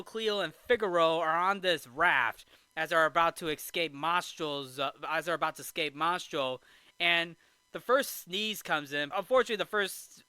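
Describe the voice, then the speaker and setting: A man's voice: a little high, sharp tone, clear, resonant tone, no room sound. A man hosting a movie review show, casually recapping a film in a rambling way with restarts and asides.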